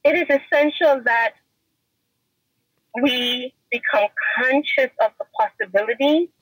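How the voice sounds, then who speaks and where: A woman's voice: high-pitched, measured pace, fairly bright tone, husky, dry recording, low-quality recording. A woman guest giving an earnest, emotional personal testimony in an interview. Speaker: podcast guest.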